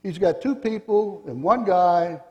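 A man's voice: sits high, unhurried, in a large hall, lo-fi sound. A man reading a storybook aloud to a group of children, telling it expressively.

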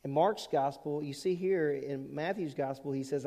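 Pastor, male, slightly high voice; earnest sermon, church reverb. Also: normal speed. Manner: earnest preaching with rising emphatic peaks and quiet asides. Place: church sanctuary. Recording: long reverb of a church hall.

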